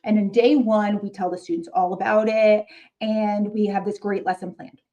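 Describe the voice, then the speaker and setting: A woman's voice: medium pitch, fairly even intonation, normal speed, warm tone, highs cut off. A woman with a New York accent, a middle school marketing teacher hosting her channel, chatting casually with fellow teachers. She keeps checking in with "okay?" and drops wry, joking asides.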